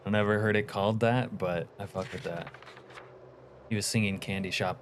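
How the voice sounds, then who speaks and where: Laid-back low-voiced male streamer. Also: steady tone, normal speed, slight background noise. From United States. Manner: laid-back, rambling, answers chat. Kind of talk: casual livestream chat while gaming.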